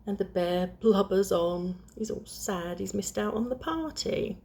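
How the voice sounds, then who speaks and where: A young woman host reading a children's storybook aloud with gentle, chatty asides to the kids. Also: medium pitch, measured pace, vocal fry.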